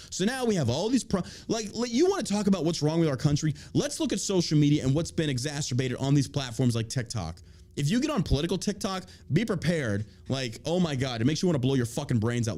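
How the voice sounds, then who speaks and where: A man's voice: medium pitch, a little mellow. A man hosting an opinion podcast, ranting with heavy profanity and mocking imitations of the people he criticizes. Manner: mocking put-on quotes. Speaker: podcast host.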